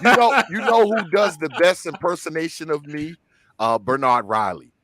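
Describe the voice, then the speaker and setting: A man's voice: on the high side, normal speed, fairly bright tone. A man hosting a casual online panel game, joking, laughing and often repeating himself. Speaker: game show host.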